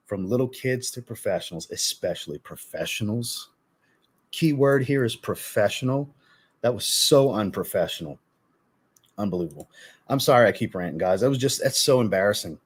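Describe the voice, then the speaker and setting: A man's voice: mid-range voice, slightly rough. A man hosting a fragrance livestream, greeting viewers by name, then ranting bluntly and profanely before apologizing. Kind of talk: casual livestream chat reading viewer comments.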